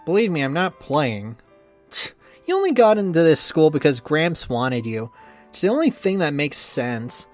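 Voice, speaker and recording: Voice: medium pitch, sing-song, normal speed, soft background music, lightly acted. A reader voicing a bitter, resentful young male rival in a visual novel playthrough. The rival sneers and swears often. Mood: sneering.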